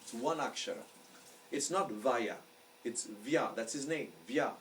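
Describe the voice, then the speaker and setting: A man's voice: mid-range voice, moderate pace, a bit bright. Man teaching, patient and explanatory. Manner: patient, explanatory, often checks understanding. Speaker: astrology teacher. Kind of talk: classroom lecture. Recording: distant mic with faint background noise.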